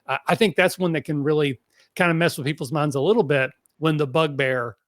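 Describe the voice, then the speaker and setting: A man's voice: a little high, fairly quick, dry recording, clean studio sound. A man with a Kentucky accent, chatting casually on a tabletop gaming podcast, rambling with lots of fillers. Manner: rambling, filler-heavy, animated. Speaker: podcast panelist.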